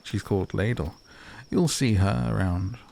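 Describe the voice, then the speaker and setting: A man reading a game's lines as a solemn, stiff male dwarf who speaks slowly and formally. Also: on the low side, gravelly, dark tone, slight background noise. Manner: slow, measured, formal.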